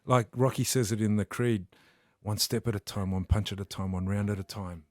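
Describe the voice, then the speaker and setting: A man's voice: fairly low pitch, steady tone, fairly quick, darkish tone, no echo, studio quality. A man in his forties, a boxer and coach, talking earnestly and motivationally as a podcast guest. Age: 40s. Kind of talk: casual podcast chat.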